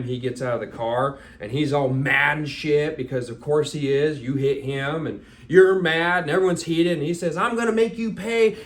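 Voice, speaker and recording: A man teaching as a firearms instructor in a loose, casual talk, blunt and a little profane, acting out little scenes as he goes. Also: fairly high pitch. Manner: blunt, profane, acts out scenarios.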